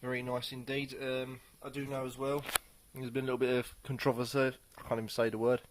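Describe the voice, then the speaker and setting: A man giving a casual, rambling beer tasting review, pausing often as he thinks aloud. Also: medium pitch, level tone, noisy background. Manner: rambling, hesitant, many pauses.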